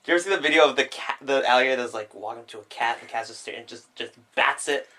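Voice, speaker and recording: A man's voice: mid-range voice, racing, pushed and bright, a little hiss or hum. Young man trading dry quips. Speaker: podcast co-host. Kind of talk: casual chat.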